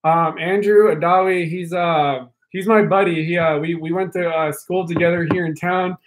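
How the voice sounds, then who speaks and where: A man's voice: fairly high pitch, fairly even intonation, moderate pace, a little hiss or hum, rough recording. A young man hosting a casual live stream, rambling to his viewers with lots of fillers and restarts, speaking into a studio mic held a bit away from his face. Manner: talkative, addresses viewers directly. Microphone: studio mic held a little away from face.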